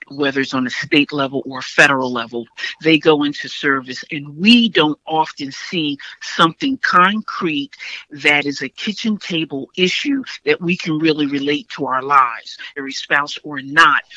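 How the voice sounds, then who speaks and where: A woman hosting a podcast, speaking in a measured, articulate and affirming way. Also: low-pitched, sharp tone, no echo. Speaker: podcast host. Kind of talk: podcast interview. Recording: dull dry lo-fi recording.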